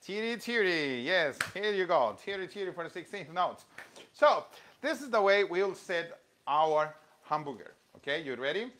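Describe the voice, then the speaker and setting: High, lively man teaching rhythm. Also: moderate pace. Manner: enthusiastic, encouraging, chanting rhythm words. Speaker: music teacher. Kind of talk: live online music lesson while cooking. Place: home kitchen.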